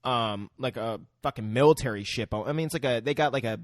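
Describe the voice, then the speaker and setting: A man's voice: medium pitch, brisk, dry recording, studio quality. A young man co-hosting a podcast, recapping a movie in a loose, profane, rambling way and often laughing. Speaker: podcast co-host. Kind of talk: casual movie recap chat.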